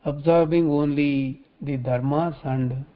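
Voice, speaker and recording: A man teaching scripture in a religious talk, halting often and repeating phrases as he restarts. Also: on the high side, steady tone. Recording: dull lo-fi recording.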